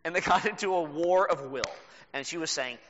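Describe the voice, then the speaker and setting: A man preaching a sermon as pastor, telling a story with animated delivery and laughs. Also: a little high, fairly quick, slight background noise. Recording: reverberant hall, dull sound.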